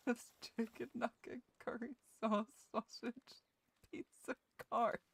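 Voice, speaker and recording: A woman's voice: a little high, flat delivery, slow, vocal fry, slightly rough, no echo. A young woman streaming a game and chatting casually with her viewers, giggling and swearing freely while sounding ill with a cough.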